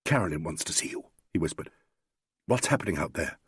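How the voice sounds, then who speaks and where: A man reading an audiobook, voicing an anxious young man who speaks low and hushed. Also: very animated, moderate pace, breathy edge, no echo, studio quality.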